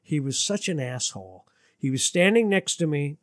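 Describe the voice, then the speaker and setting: Animated Detroit man telling stories. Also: moderate pace, no room sound, studio quality. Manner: animated storyteller, swings his voice up high for quoted lines. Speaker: musician guest. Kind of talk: casual storytelling interview.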